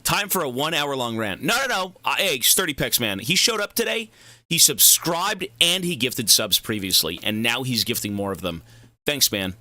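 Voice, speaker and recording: A young man streams a game and rambles through casual, profane tangents. His voice is very bright and swings widely in pitch. The sound is dry and close, with no room echo. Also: animated, normal speed. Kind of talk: casual livestream chat.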